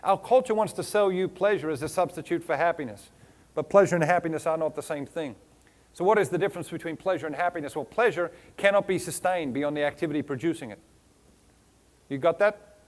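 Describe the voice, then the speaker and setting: A man's voice: fairly high pitch, fairly quick. A man with a foreign accent giving a motivational keynote to a live audience, firing off rhetorical questions and lists of words, with playful teasing. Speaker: motivational speaker. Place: stage before a live audience.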